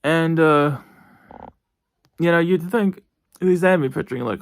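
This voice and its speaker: A young man talks through a TV review in a loose, meandering way, stopping and restarting often. His voice has a gravelly edge. The sound is dry and close, with no room echo. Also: a little high. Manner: rambling, halting, lots of fillers and restarts. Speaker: vlogger. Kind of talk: casual TV review monologue. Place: bedroom.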